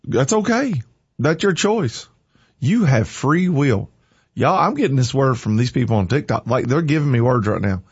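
A man's voice: mid-range voice, animated, normal speed, slightly rough, no room sound, lo-fi sound. A man hosting a morning show, chatting folksy and then preaching with energy. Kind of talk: casual chat turning to preaching.

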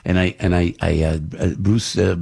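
A man's voice: low-pitched, fairly even intonation, normal speed, vocal fry, a little mellow, slightly rough. An older man, a radio host telling a long rambling story with many restarts. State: under the weather.

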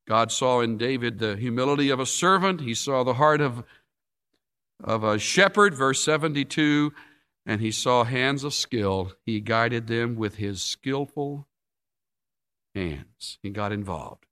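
A man preaching a sermon, telling stories with big rising climaxes and sudden hushed drops. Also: mid-range voice, big pitch swings, unhurried. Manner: storytelling with sweeping rises and sudden quiet drops.

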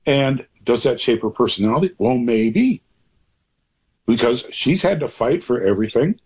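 A man's voice: medium pitch, very animated, normal speed, darkish tone, breathy edge. An older man, a grandfather, speaking as an author guest in a casual interview, rambling and reflective with many restarts.

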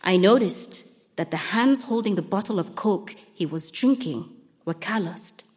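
A woman reading a novel aloud in a measured, dramatic storytelling manner. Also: medium pitch, expressive, darkish tone, slightly rough, long reverb tail. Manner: measured, dramatic storytelling, voicing characters lightly. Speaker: narrator. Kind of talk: scripted audiobook narration.

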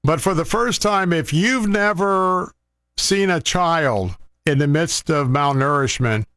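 A man's voice: fairly high pitch, slow, fairly bright tone, no echo, clean studio sound. A man hosting a faith talk show, making a heartfelt, rambling fundraising appeal with many restarts.

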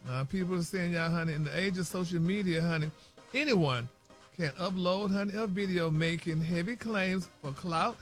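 Male radio gossip reporter, higher voice, slow and whispery, drops endearments every few words. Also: faint music behind. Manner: slow, whispery, tiptoeing delivery; sprinkles in endearments constantly. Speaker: celebrity gossip reporter on a radio morning show. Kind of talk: radio morning show gossip segment. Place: radio studio.

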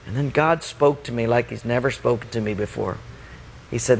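A middle-aged man preaching a sermon, telling a personal story with animated delivery and sudden loud bursts. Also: medium pitch, moderate pace, creaky, a little hiss or hum. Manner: animated, raises voice sharply for quoted speech. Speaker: pastor.

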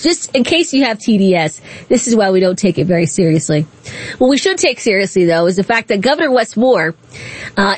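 Sarcastic high-voiced woman talk host. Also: no echo. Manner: sarcastic, mocking, laughs at her own jokes. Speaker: political talk show host. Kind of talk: political commentary monologue.

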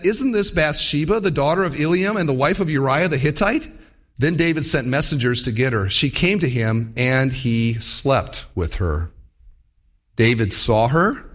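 A man preaching a sermon, telling stories and acting out what the characters think, swinging his voice high and low. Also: fairly bright tone. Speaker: pastor. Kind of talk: sermon with storytelling.

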